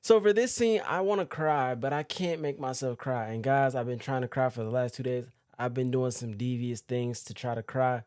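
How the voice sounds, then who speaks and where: A man's voice: mid-range voice, normal speed, hardly any pauses, smooth, no room sound, clean studio sound. Chatty young man vlogging from home. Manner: chatty, animated, addresses viewers as "guys". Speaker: poker vlogger. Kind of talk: casual vlog talk to camera.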